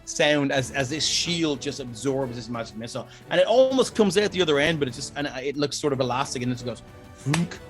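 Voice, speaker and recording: A man's voice: medium pitch, animated, fast talker, hardly any pauses, a bit bright, soft background music. A man running a tabletop game as game master on a live stream, casual, swearing freely and making sound effects.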